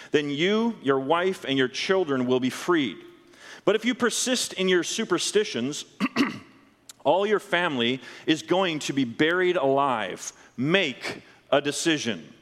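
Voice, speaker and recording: Earnest preacher man in a reverberant hall. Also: fairly bright tone. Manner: earnest storytelling preacher, drops low and slow for solemn moments. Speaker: pastor. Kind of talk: sermon.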